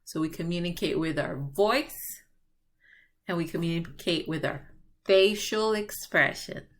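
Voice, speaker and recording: Slow, patient bilingual teacher woman. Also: on the low side. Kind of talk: bilingual classroom lesson.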